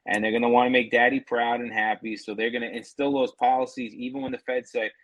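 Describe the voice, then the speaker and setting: A man's voice: mid-range voice, flat delivery, a little fast, few pauses, dull audio. A man co-hosting a casual podcast over a remote call, ranting with profanity and mocking quotes. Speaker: podcast co-host.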